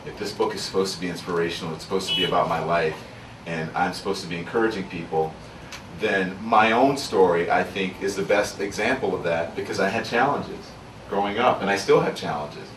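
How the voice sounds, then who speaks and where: A man's voice: low-pitched, a little fast, fairly bright tone, slight background noise. A man from Louisiana, an author speaking candidly to an audience at a book signing, telling his story in an earnest, reflective way. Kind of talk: candid personal talk to an audience. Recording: roomy sound from far off, faint ambience.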